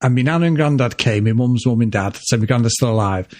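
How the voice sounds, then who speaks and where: A man's voice: mid-range voice, fast talker, darkish tone. A man co-hosting a podcast, telling a family story in casual chat, laughing often and swearing freely. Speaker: podcast co-host.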